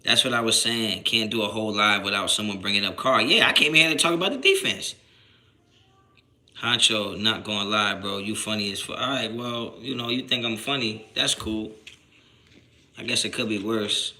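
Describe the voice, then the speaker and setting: A man's voice: fairly low pitch, normal speed. A man from New Jersey hosting a sports livestream, reading chat aloud and answering in slangy, profane talk that flares up when he is annoyed. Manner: animated, swears a lot, rises to shouting when annoyed; slangy and repetitive, restarts often. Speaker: sports channel host reading live chat.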